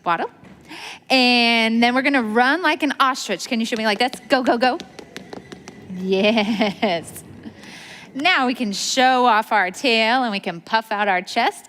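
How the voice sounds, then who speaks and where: A woman's voice: on the high side, fairly bright tone. A young woman reading a picture book aloud to children at a library storytime, coaxing them to join in with sounds and movements. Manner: sing-song, coaxing, leading children in call-and-response. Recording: reverberant library hall.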